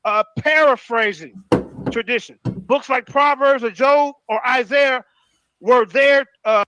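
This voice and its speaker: A man with a very high, bright voice argues in an online debate, combative and quick. He often slips into reading from his notes, and his audio sounds dry and close. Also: no room sound, muffled recording. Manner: rapid, combative, reads from notes.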